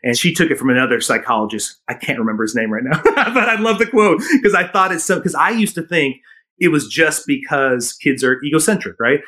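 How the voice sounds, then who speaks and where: A middle-aged man speaks as a guest coach in a relaxed chat. He tells personal stories earnestly, laughing often, with an average-pitched voice. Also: fairly quick. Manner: earnest storytelling with frequent laughs. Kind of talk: casual interview chat.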